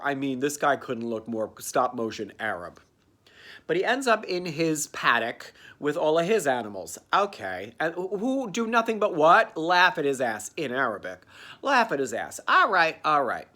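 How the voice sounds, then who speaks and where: A man giving a campy, sarcastic comedic recap of a cartoon, dropping into quick character voices. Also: a little high, pushed and bright. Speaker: comedic reviewer.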